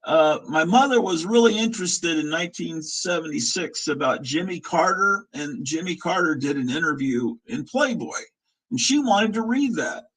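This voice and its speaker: Male host, 50s, husky and a bit high, loose rambling chat with opinions and chuckles. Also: lively intonation, moderate pace, fairly bright tone, low-quality recording. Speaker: show host. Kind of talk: casual live-stream chat.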